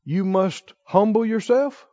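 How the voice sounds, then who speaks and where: A middle-aged male pastor preaching a sermon, moving between quiet emotional storytelling and forceful exhortation. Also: high voice, slow pace, no echo, lo-fi sound.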